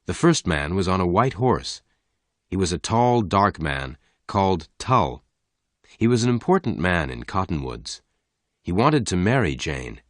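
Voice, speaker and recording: Deep-voiced male story narrator. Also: sing-song, no echo, clean studio sound. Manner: slow, clear reading for learners.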